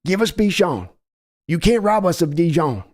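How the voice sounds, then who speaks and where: Brash older Texan owner played by a man, put-on drawl, bossy and folksy, pitched up high and lively. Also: moderate pace. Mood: pushy, folksy. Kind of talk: comedic impression skit.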